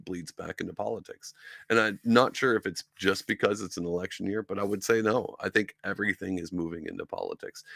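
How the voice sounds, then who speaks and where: A man's voice: low voice, vocal fry, no room sound, clean studio sound. A man hosting a solo talk show, rambling and sarcastic, with lots of ums and restarts. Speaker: podcast host. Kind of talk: casual solo commentary. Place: room with sci-fi collectibles behind him.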